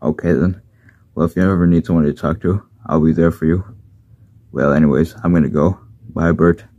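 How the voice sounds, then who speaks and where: A man's voice: sits low, steady tone, a little fast, mellow, no room sound. A man voicing a caring male train engine who speaks plainly. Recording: dull lo-fi recording.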